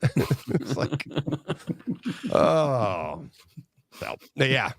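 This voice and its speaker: A man co-hosting a podcast in casual chat, talking in a rambling, excitable way with many restarts. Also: medium pitch, very slow, no room sound. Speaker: podcast co-host.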